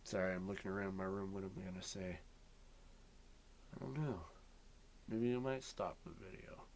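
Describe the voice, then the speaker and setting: A man's voice: low voice, normal speed, darkish tone, a little hiss or hum. A young man rambling through a casual vlog from his bedroom at home, drifting between topics with lots of ums and yawns. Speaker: vlogger.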